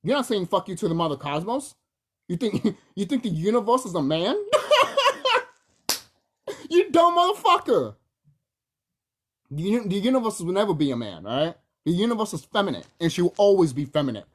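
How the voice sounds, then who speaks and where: A young adult video blogger, speaking in a mid-range voice with a breathy edge, rants heatedly to the camera. The tirade is full of swearing and mocks the people being addressed.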